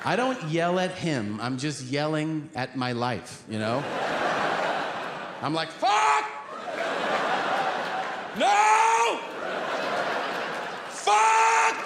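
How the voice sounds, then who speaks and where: Profane, animated male stand-up comic. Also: fairly high pitch, slow pace, long pauses. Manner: profane, animated, acts out characters and yelling. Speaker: stand-up comedian. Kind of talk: stand-up comedy storytelling. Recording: live stand-up set with background noise.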